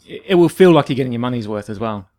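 A man co-hosting a casual beer tasting, chatty and quick with remarks. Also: mid-range voice, lively intonation, a little mellow. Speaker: co-host.

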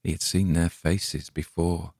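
A man with a very deep, low voice reads a dark tale aloud, measured and ominous. The recording is close and dry, with no room sound at all. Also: level tone, husky, dry recording. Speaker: story narrator. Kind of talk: dramatic story reading.

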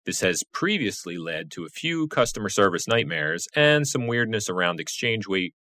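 A man's voice: on the low side, big pitch swings, normal speed, pushed and bright, a little hiss or hum. A man co-hosting a podcast in casual banter, with a dry, teasing way of talking. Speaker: podcast co-host.

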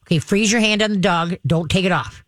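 A woman's voice: lowish voice, fairly quick, a bit bright, dry recording, studio quality. A woman hosting a call-in radio show as a dog trainer, giving practical step-by-step advice in an upbeat way, often checking in with "okay". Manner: upbeat, practical, talks through steps with "okay".

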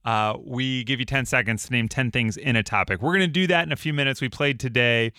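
A man's voice: medium pitch, quick pace, pushed and bright, clear, resonant tone, dry recording. A man co-hosting an afternoon radio show, bantering in a playful, joking way from a studio. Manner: playful, jokey. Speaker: radio host. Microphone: studio microphone.

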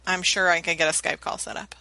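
A woman's voice: lowish voice, little pitch movement, quick pace, sharp tone, no echo, rough recording. A woman co-hosting a podcast in a playful, teasing casual chat, laughing often. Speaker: podcast co-host.

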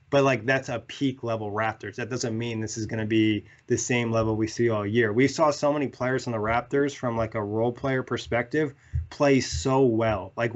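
A man chatting casually on a sports podcast, rambling with lots of "like" fillers. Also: mid-range voice. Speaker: podcast co-host. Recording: slightly dull lo-fi audio.

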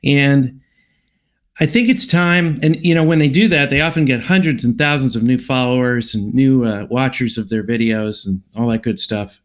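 A man hosting a comedy podcast, announcing dates and building a bit in a deadpan, mock-grand way with plenty of "uh"s. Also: medium pitch, moderate pace. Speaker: podcast host. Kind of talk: casual comedy podcast talk.

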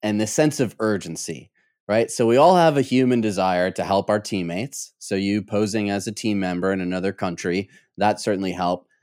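A male podcast host asking thoughtful, measured interview questions. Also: on the low side, a little mellow, no echo, studio quality.

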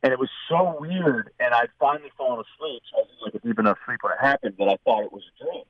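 A man's voice: mid-range voice, quick pace, a crowd in the background. A man, a guest on the show, telling a long rambling anecdote in a casual way and acting out what people said. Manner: rambling anecdote with acted quotes. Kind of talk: casual storytelling. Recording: tinny phone-line sound.

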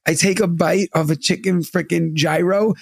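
A young man co-hosting a podcast, telling a story in casual chat, animated and swearing freely. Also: high-pitched, moderate pace, gravelly, slightly rough, no room sound, clean studio sound. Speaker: podcast co-host. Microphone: studio mic close up.

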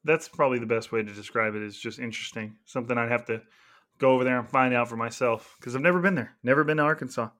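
A man's voice: mid-range voice, fast, fairly bright tone. A man from California hosting a casual sports podcast, chatty and laughing often, with plenty of filler words. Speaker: podcast host.

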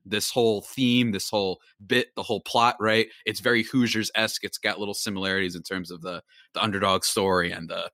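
Excitable bright-voiced man. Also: mid-range voice, dry recording, studio quality. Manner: excitable, laughs often, exclaims in disbelief. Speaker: podcast guest. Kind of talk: casual sports chat.

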